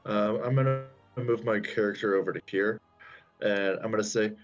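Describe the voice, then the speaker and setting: A man's voice: on the low side, over music. A man playing in a tabletop game, talking casually and hesitantly with lots of ums. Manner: unhurried, hesitant, many ums. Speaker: player. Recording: dull lo-fi recording.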